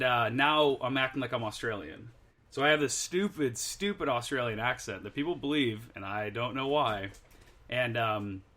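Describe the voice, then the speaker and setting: A young man's mid-pitched voice, neither high nor low, on a relaxed podcast. He tells a long anecdote, stops to correct himself, and laughs his way through it. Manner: rambling, self-correcting, laughs mid-story. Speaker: podcast guest. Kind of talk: casual storytelling chat.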